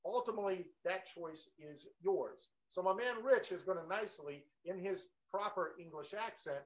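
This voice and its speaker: High-voiced man giving a motivational sales pitch. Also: moderate pace. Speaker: co-host of a marketing webinar. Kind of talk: live-stream sales pitch. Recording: dull, lo-fi stream audio.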